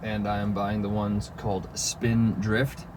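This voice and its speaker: A low-pitched man talks to his viewers in a slow, unhurried ramble, full of filler words and the occasional curse. The recording is noisy, with vehicle sounds running underneath. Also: little pitch movement. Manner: rambling, filler-heavy, swears and laughs. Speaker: vlogger. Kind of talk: casual chat to camera.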